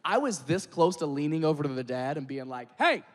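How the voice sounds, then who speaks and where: High-voiced man telling crude stories. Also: darkish tone, in a large hall. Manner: quick, crude storytelling. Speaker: stand-up comedian. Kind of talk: stand-up routine. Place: comedy stage with live audience.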